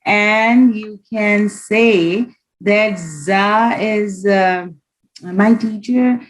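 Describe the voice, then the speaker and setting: Slow, patient woman teaching letter sounds. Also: medium pitch, slight background noise, poor audio. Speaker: Quran reading teacher. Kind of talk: online class instruction.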